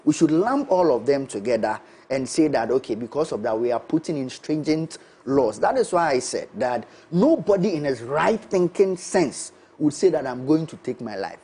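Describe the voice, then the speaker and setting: A man with a Ghanaian English accent arguing his point deliberately as a panelist in a studio discussion. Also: husky. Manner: deliberate, argumentative, lively pitch swings. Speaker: show panelist.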